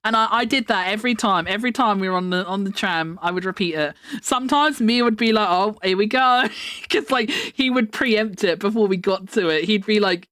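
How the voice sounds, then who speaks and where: A young woman livestreamer chats casually with her viewers, rambling through a story full of fillers and laughter. Her medium-pitched voice is fairly quick and a bit bright, captured as clean studio sound with no echo.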